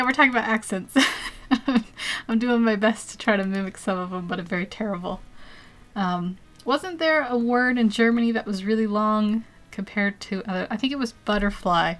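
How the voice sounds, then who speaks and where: A woman's voice: medium pitch, normal speed. A woman with an American accent, an artist live-streaming as she draws, chatting casually and laughing often as she answers viewers. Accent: General American. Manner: giggly, laughs often between phrases; chatty, self-deprecating, reads and answers chat. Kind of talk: casual live-stream chat while drawing.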